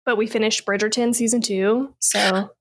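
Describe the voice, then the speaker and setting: A woman's voice: fairly high pitch, fairly even intonation, normal speed. A woman co-hosting a horror podcast in casual chat, speaking candidly and rambling a little with exclamations. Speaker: podcast co-host.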